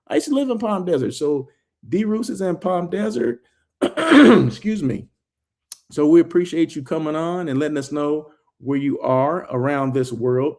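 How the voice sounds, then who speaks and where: A man's voice: mid-range voice, mellow. A man hosting a casual live check-in, chatting loosely and thanking viewers by name. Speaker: host of a daily live check-in show.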